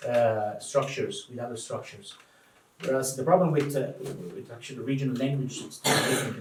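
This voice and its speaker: A man with an Italian accent, a native Italian speaker, talks as a guest translator in a live public conversation, thoughtful and animated with many restarts. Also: medium pitch. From Italy. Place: event room before an audience. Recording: echoey room, distant mic, faint noise.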